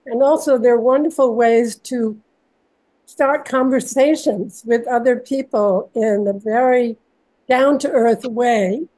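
A woman's voice: fairly high pitch, takes it slowly, poor audio. An older woman speaking heartfelt and gushing, laughing between phrases, on a video call. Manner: warm, gushing, laughs often. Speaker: panel guest.

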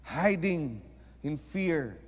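A man with a Filipino accent preaching a sermon, moving between hushed and emphatic delivery and mixing Tagalog into his English. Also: fairly high pitch, sing-song, very slow, breathy edge, big-room sound.

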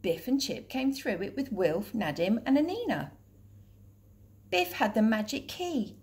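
Teacher lady reading a kids picture book out loud, steady and gentle. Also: a little high, measured pace.

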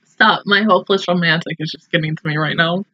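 A woman's voice: lowish voice, fairly even intonation, brisk, bright, forceful tone, breathy edge, highs cut off. A woman giving casual, emotional commentary as she reacts to an anime episode, exclaiming, slangy and swearing freely.

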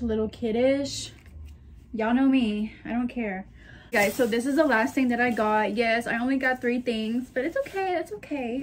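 Young woman vlogging her shopping haul, kinda high voice, chatty and gushy. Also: a little hiss or hum. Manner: gushing, chatty, talks to her purses. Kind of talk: casual chat to camera.

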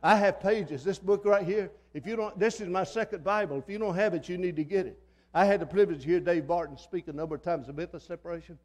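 An older man preaching from the pulpit of a church, his voice sitting high for a man. He is fiery and folksy and hammers his points home by repeating them. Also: quick pace, darkish tone. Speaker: pastor. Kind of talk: sermon. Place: church sanctuary.

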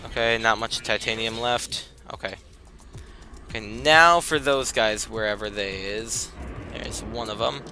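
A man giving casual let's play commentary, breaking into excited outbursts and complaints, then muttering to himself while sorting gear. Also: on the low side, measured pace. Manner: self-talk, mutters and trails off while managing inventory. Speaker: gaming commentator. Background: game music.

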